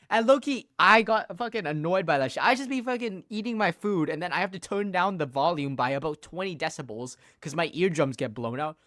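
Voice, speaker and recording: A young man talks on his own channel in a loose, slangy ramble, swearing freely as he ranks things. His voice sits a touch high for a man. The sound is dry and close, with no room around it. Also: a bit bright, no echo. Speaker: YouTuber. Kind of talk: casual ranking commentary.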